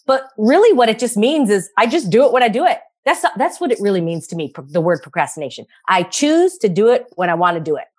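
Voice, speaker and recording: A woman guest in a casual podcast conversation, animated and acting out the voices she quotes. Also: medium pitch, quick pace, few pauses, slightly rough.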